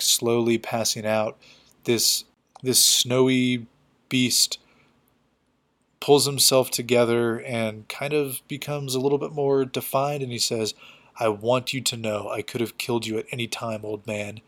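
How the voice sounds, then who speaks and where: A man retells a comic book plot in a loose, chatty way, leaning on fillers as he goes. His voice stays flat and even, with little rise and fall. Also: medium pitch. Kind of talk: casual storytelling recap.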